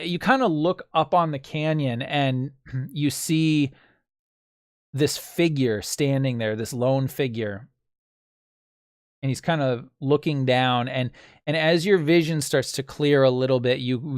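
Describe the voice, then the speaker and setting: A man's voice: mid-range voice, no echo, studio quality. A man running a tabletop game as game master, describing scenes vividly and making sound effects with his mouth.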